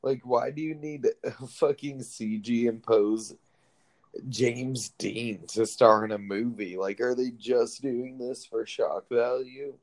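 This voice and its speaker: A man's voice: mid-range voice, steady tone, takes it slowly. A man co-hosting a casual chat, rambling with lots of fillers and swearing. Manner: rambling, full of "like" and swearing, laughs often.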